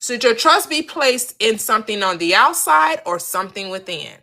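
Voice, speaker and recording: A woman's voice: a little high, very animated, moderate pace, gravelly, bright, forceful tone. A woman hosting a live-stream about manifestation, talking animatedly to her viewers, repeating her questions for emphasis and acting out little quoted scenes. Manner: addresses viewers by name. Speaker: manifestation coach and host. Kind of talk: live-stream teaching chat.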